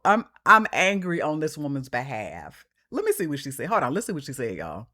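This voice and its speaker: A woman's voice: deep voice, huge pitch swings, normal speed, hardly any pauses, pushed and bright. A woman hosting a reaction video, commenting emphatically on a clip and talking straight to her viewers.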